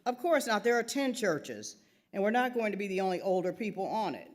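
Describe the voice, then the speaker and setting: A woman's voice: medium pitch, lively intonation, fairly quick, pitched above the performer's own voice, natural voice. A woman voicing a sassy eighty-one-year-old mother. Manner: blunt, teasing.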